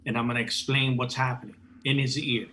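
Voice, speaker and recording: An eager male tabletop player talks through his plans out loud. His grammar is casual and loose, and his voice sits at a middling pitch. Faint room ambience can be heard behind him. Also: steady tone, fast talker, slight background noise. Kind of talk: tabletop game play, casual.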